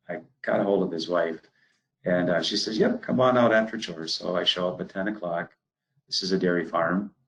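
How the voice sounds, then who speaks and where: A man's voice: low voice, gravelly, a bit bright, rough recording. A man with an Upper Midwestern American accent giving a training presentation on conservation work, telling earnest stories with many "um"s and restarts.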